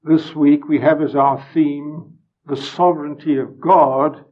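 A man delivers a solemn sermon in an unhurried, deliberate way, leaning hard on key words and then dropping almost to a hush. His voice is husky and sits a little high. The recording sounds dull and lo-fi. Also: little pitch movement. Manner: solemn, emphatic, swings from loud to hushed. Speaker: preacher.

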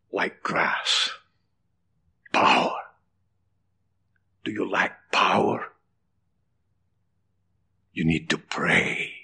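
A man preaching an impassioned sermon, with dramatic pauses, swinging from loud cries to hushed near-whispers. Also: mid-range voice, creaky, slightly rough.

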